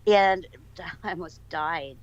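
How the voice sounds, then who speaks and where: A woman's voice: on the low side, slow pace, highs cut off. A woman chatting casually on a talk show, asking blunt questions and telling personal stories. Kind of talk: casual chat.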